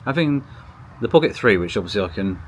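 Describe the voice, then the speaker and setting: Deep guy rambling to his camera in the garden, lots of ums, small camera mic, bit of background hiss. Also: lively intonation, brisk. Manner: rambling and chatty, with frequent ums and restarts. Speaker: photography vlogger. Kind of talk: casual talk to camera. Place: garden, outdoors. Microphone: built-in mic of a small gimbal camera on a tripod.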